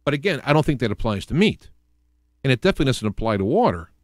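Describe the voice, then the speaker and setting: A man's voice: medium pitch, very animated, quick pace, dry recording, clean studio sound. A man from the US Midwest with a Midwestern accent, hosting a casual solo radio talk show and rambling through examples with many restarts and fillers. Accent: Midwestern American.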